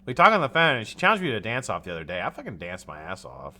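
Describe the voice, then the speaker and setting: A man's voice: on the low side, wildly swooping pitch, rapid-fire, bright, forceful tone. A man in his forties from the United States hosting a casual live stream, joking, swearing and reading viewers' chat names aloud. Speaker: livestream host.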